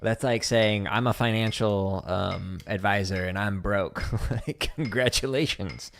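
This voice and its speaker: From a home practice room with drums, a man with a lowish, fairly bright voice speaks unhurriedly, with slight background noise. He hosts a drumming livestream, chatting casually while practicing and often laughing as he imitates commenters' voices mockingly.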